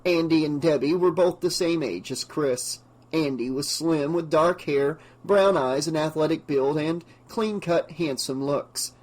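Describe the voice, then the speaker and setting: A man's voice: a little high, measured pace. Man reading a horror novel aloud. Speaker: audiobook narrator. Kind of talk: scripted narration.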